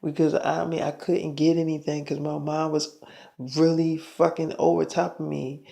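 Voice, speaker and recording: A man's voice: fairly high pitch, completely flat delivery, normal speed, gravelly, mellow. A man telling a story casually, rambling and swearing a lot, with many fillers. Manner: rambling, profane, full of fillers.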